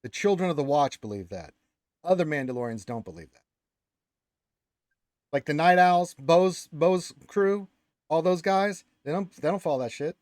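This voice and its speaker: A man's voice: fairly high pitch, no echo, studio quality. A man hosting a casual podcast, chatting about lore and reading passages aloud with some stumbles. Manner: animated, quick to exclaim, stumbles over words. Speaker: podcast host.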